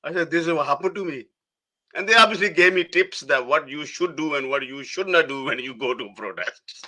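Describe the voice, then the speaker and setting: A middle-aged man, a guest telling a personal story in a halting way, restarting phrases. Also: on the high side. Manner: halting, restarts phrases, soft laughs between words.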